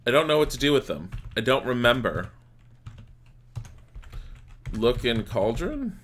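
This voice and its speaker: A man's voice: medium pitch, big pitch swings, measured pace, a bit bright, a little hiss or hum. A man streaming a live game playthrough, reading the game's text aloud between the commands he types.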